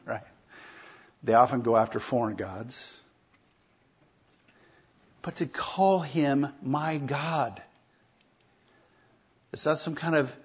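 A man with a somewhat high, husky voice delivers a sermon as a pastor, talking to the congregation conversationally and pausing on rhetorical questions. The recording sounds slightly dull and muffled.

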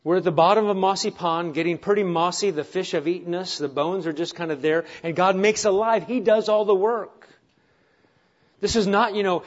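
Man, pastor mid-sermon, earnest and questioning, somewhat high voice, muffled church recording. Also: steady tone, moderate pace. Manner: earnest preaching with rhetorical questions and self-deprecating asides.

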